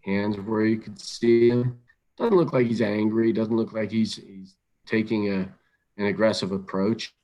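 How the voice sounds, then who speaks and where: Low-voiced calm male webinar presenter. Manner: calm, measured, repeats words as he thinks aloud. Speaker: webinar presenter on crisis intervention. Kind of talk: instructional webinar talk.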